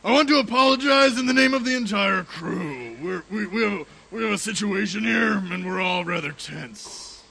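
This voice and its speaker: A man barks gruff orders in playful in-character game chat. His voice is strongly gravelly and bright, and it sits fairly high. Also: expressive, moderate pace.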